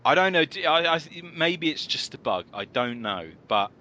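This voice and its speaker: A man's voice: a little high, sing-song, normal speed, pushed and bright, lo-fi sound. A man co-hosting a comedy podcast, telling rambling stories in casual chat with lots of fillers and restarts. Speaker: podcast co-host.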